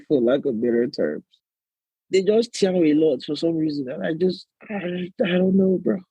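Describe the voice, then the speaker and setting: A man with a Nigerian-American accent, hosting a casual podcast chat and telling animated stories full of slang and laughter. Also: on the high side, moderate pace, husky, dry recording, poor audio. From United States. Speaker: podcast host.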